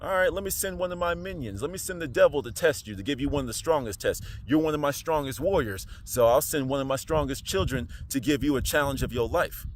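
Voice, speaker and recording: A man voicing a patient, fatherly God who speaks softly and casually in slang. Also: on the high side, fast, few pauses, a little hiss or hum, close to an everyday voice. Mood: challenging. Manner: soft, soothing, slangy reassurance. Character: calm gentle fatherly God, male, patient.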